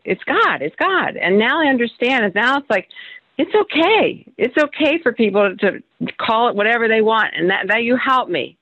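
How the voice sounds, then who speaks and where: A workshop participant shares their experience earnestly, and their pitch leaps up and drops for emphasis. The sound is dull and lo-fi, as if it came through a weak connection. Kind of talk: personal sharing in a group workshop.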